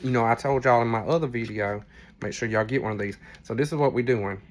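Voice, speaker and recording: A man's voice: medium pitch, quick pace, a little hiss or hum. Tipsy chatty man vlogging. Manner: chatty, rambling, frank asides and mild cursing. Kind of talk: casual storytelling vlog. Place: cabin on a cruise ship.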